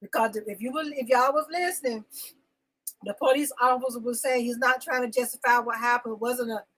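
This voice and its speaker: A woman hosts a live talk show segment, venting emotionally in a live-stream monologue, with a higher voice, fairly even intonation, and a brisk, slightly bright delivery. She's insistent, repeating phrases for emphasis and greeting viewers by name, over poor audio.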